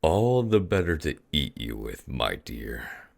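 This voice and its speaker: A man's voice: extremely low pitch, sing-song, takes it slowly, gravelly, exaggerated voice. A man voicing a cunning male wolf disguised as a grandmother, giving sly, lingering replies in a storybook reading.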